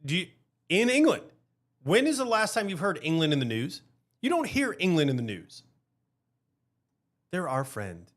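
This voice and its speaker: A male podcast host with a high voice that swings widely up and down. He delivers heated political commentary in a restless, rhetorical way and keeps checking in with the listener. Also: moderate pace, pauses often. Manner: animated, rhetorical, keeps asking "right?".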